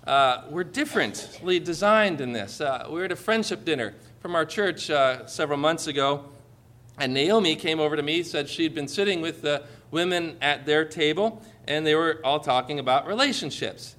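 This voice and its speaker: Animated and fairly high-pitched, this male pastor's voice is a little bright and moves at normal speed. He delivers a jokey sermon in church, prompting the congregation for amens.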